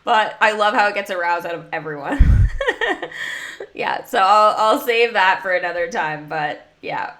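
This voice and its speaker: In unhurried, slightly bright mid-range tones, a young American woman chats away on a mobile game livestream. Her casual talk is bubbly and talkative, full of fillers.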